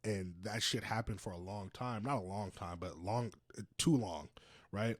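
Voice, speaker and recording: A young man co-hosting a podcast in casual, slangy chat, swinging between loud bursts and low, quiet stretches. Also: unhurried, no echo, studio quality. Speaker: podcast co-host.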